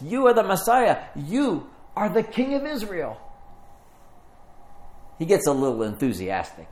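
A man preaching a sermon, telling a story and acting out the voices in it, then dropping to a hush at the tender moments. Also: mid-range voice.

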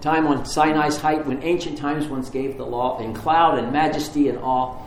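Male pastor, storytelling sermon, slightly high voice, faint room hum. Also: steady tone, normal speed. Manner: conversational, vivid storytelling. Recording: roomy hall, faint ambience.

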